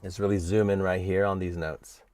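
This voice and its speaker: A man's voice: deep voice, flat delivery, normal speed, darkish tone, no room sound, soft background music. An American man teaching cello in a live online lesson, encouraging and hands-on as he counts out cues.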